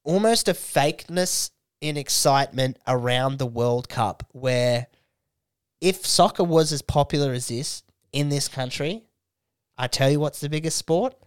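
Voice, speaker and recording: A man's voice: medium pitch, measured pace, clean tone, dry recording, studio quality. Ranting profane Australian guy. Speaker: podcast co-host. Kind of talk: crude casual banter.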